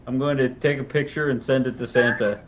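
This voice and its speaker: A man's voice: medium pitch, fairly even intonation, a little fast, muffled recording. A man playing a tabletop game, goofy and joking with the table. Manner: goofy, apologetic banter. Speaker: player.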